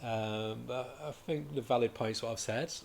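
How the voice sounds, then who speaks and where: A man chats casually through a comic review at a middling pitch. He sounds enthusiastic and rambles, often stopping partway and starting a sentence again. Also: a little slow, gravelly, darkish tone, a little hiss or hum. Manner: rambling and enthusiastic, with frequent restarts. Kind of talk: casual chat.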